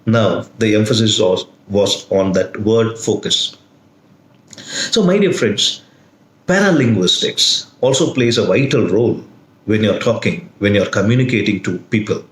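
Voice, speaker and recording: A man teaching a video lesson in a slow, deliberate way, leaning hard on single words. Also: lowish voice, expressive. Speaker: lecturer. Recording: echoey room.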